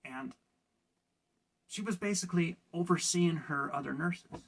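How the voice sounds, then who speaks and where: A man's voice: a little high, a little slow, slightly rough. A man from California ranting in a casual opinion vlog, sarcastic and laughing at his own jokes. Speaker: vlogger.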